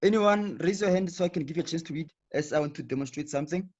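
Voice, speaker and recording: A fast-talking man with a fairly high, darkish voice and a breathy edge teaches live online through a video call. Patiently explaining and repeating, he frequently checks in with "okay", and the audio is dull and lo-fi.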